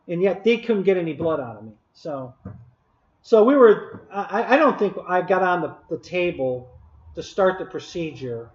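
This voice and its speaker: A man's voice: fairly high pitch, lively intonation, normal speed, a little mellow. A man hosting a live stream, telling a long casual story to his chat with many restarts and chuckles. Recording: echoey room, dull lo-fi audio.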